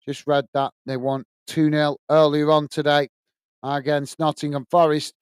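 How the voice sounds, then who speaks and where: A man hosts a live football stream in a chatty, matey way, calling viewers guys and mate. His voice sits a bit higher than most men's and sounds smooth and clear. The sound is close and dry, with no room echo. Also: flat delivery, normal speed. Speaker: host of a football watch-along stream. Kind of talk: live stream chat, reading viewer comments aloud.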